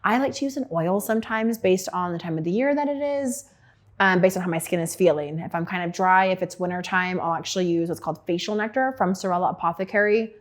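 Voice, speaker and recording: A woman's voice: lowish voice, fast. A middle-aged woman, an esthetician, talking casually and frankly about her skincare routine, with plenty of fillers. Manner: chatty and frank, with lots of fillers.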